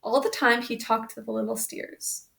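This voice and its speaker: Lady reading a kids chapter book out loud, gravelly, kinda high voice, stops to explain stuff. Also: fairly even intonation. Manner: pauses to explain the story in plain asides. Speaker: reader. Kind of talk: reading a children's book aloud.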